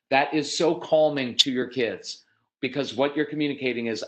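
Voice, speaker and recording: A middle-aged American man speaks at a live parenting workshop. His delivery is direct and matter-of-fact, and he breaks into lively acted voices of parents and children to make his points. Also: medium pitch, muffled recording. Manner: animated, acts out parents and kids in quick voices.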